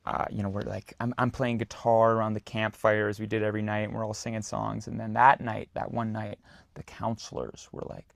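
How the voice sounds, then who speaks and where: A young adult man, a podcast guest telling a story in a loose, animated way. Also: lowish voice, fairly quick, vocal fry, no echo, studio quality. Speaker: guest, actor and singer. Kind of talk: casual storytelling in a podcast interview.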